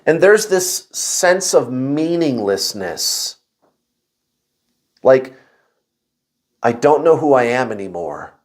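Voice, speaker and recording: A man hosting a spiritual video, telling viewers a personal story in a casual, confessional way, with animated outbursts and exclamations. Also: medium pitch, takes it slowly, pauses often.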